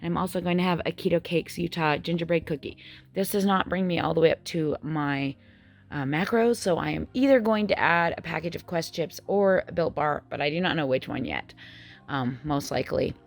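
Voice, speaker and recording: A woman's voice: sits low, fairly quick, gravelly. A woman in her forties chatting casually through a food diary vlog, often sounding a little out of breath. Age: 40s. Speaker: vlogger. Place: various rooms and a dance studio.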